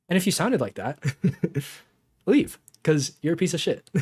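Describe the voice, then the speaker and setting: A man's voice: on the high side, expressive, moderate pace, husky. A man coaching in a casual talk over gameplay footage, laid-back, chuckling often and swearing now and then. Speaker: game coach.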